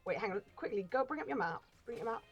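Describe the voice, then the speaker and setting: A woman's voice: on the high side, expressive, racing, lo-fi sound. A woman co-hosting a game stream, telling anecdotes in a chatty way with plenty of ums and laughing through her stories. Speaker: stream co-host. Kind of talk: casual storytelling chat.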